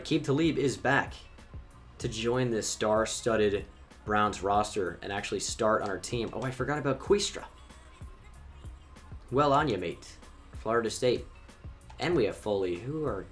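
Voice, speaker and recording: A young man with a lowish voice talks casually into a desk microphone while he plays, chatty and reactive. Faint game music runs underneath his voice. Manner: chatty, reacts with quick swearing. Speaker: gaming YouTuber. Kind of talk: casual gameplay commentary.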